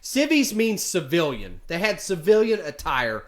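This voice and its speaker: A man's voice: high-pitched, wildly swooping pitch, a little slow. A man casually telling a story, rambling with many fillers and restarts. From United States. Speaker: vlogger.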